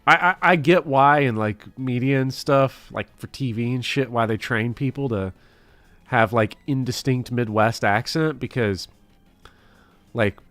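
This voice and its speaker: A male streamer chats casually while he plays, joking and cursing freely. His voice is bright and forceful. The sound is dry and close, with faint music underneath. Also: mid-range voice, unhurried, no echo. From US South. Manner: profane, joking, mimics voices. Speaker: streamer and host.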